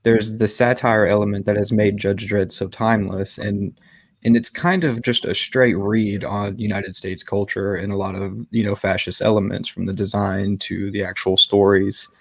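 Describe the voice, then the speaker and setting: Guy host on a video call, keen, long questions, kinda low voice. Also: level tone, normal speed, no echo. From Texas. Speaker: interview host. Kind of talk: interview conversation.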